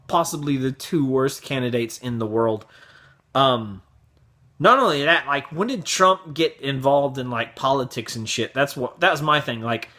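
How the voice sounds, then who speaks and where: A man's voice: mid-range voice, moderate pace, sharp tone. A man hosting his own video blog, giving a profane, sarcastic opinion rant in a casual way. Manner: profane, sarcastic, mocks others in raised voices. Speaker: vlog host.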